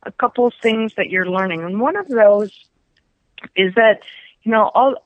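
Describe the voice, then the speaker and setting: A woman's voice: medium pitch, normal speed, no room sound. A woman in her fifties, a psychic guest on a radio chat, telling stories animatedly and laughing often, heard through dull lo-fi radio sound. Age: 50s.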